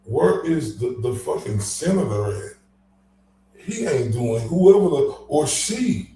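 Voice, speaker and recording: A man's voice: mid-range voice, sing-song, takes it slowly, warm tone, a little hiss or hum. A man hosting a casual livestream, ranting with heavy profanity and reading chat comments aloud. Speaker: livestream host. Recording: echoey room, voice from far off.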